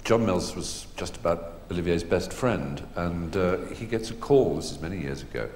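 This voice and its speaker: A man's voice: low voice, expressive, moderate pace, a little mellow. A middle-aged English man telling rambling anecdotes to a live audience, with many fillers and restarts. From England. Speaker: guest performer. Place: theatre stage. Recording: echoey hall, faint noise.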